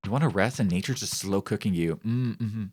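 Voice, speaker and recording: Here a male streamer plays a game and riffs casually, joking, rambling, and reading the on-screen text aloud, often repeating phrases in different voices. He speaks in a lowish, slightly mellow voice at a brisk pace.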